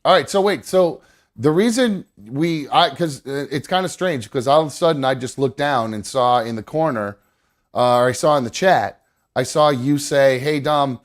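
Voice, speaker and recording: A man hosting a live call-in stream, chatting casually with frequent swearing and restarts. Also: medium pitch. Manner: rambling, swears freely, restarts sentences. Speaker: host of a live call-in show.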